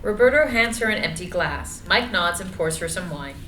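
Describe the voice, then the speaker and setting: A woman's voice: on the low side, lively intonation, normal speed, sharp tone. A woman narrating screenplay stage directions in a table read, matter-of-fact. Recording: echoey room, faint noise.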